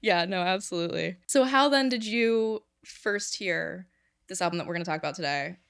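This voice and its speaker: A woman's voice: on the low side, moderate pace, fairly bright tone, clean tone, no room sound, studio quality. A woman hosting a music podcast, chatting casually and agreeably with her guest. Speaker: podcast host. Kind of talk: casual interview chat.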